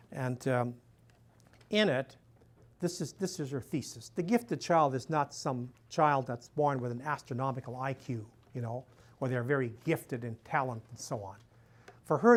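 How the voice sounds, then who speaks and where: A man's voice: medium pitch, darkish tone. An older man, a priest, giving a talk to a live audience in a folksy way, chuckling at his own jokes and filling in with "you know" and "and so on".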